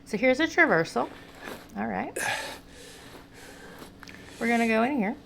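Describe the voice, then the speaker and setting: A woman's voice: on the high side, expressive, measured pace, vocal fry, a bit bright, slight background noise. An American woman giving chatty gameplay commentary, talking to the game's hero the way she talks to a pet. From United States. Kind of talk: casual game commentary.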